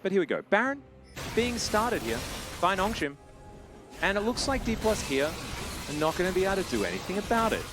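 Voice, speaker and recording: Lively esports caster over game music. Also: male voice, a little fast, long pauses. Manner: chatty, talks straight to chat viewers; surges loud and high on big plays. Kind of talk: live play-by-play commentary.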